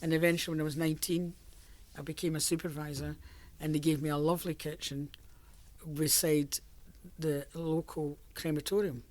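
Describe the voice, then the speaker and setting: A woman's voice: sits low, little pitch movement, normal speed, a little mellow. An older Scottish woman reminiscing about her working life in a chatty, storytelling way, laughing often. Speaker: interviewee. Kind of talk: reminiscing oral history.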